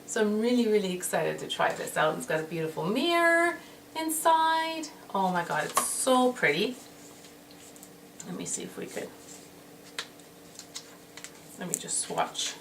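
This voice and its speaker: A woman's voice: medium pitch, normal speed, vocal fry. Gushing woman vlogger, echoey and distant. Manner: gushing, excitable, repeats "so excited". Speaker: beauty vlogger. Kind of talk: casual haul video. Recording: roomy echo, distant mic, noisy background.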